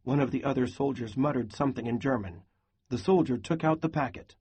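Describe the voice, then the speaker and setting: A man reading a novel aloud in a steady, even voice for a class lesson. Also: medium pitch, fairly quick, slightly rough. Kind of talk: read-aloud lesson narration.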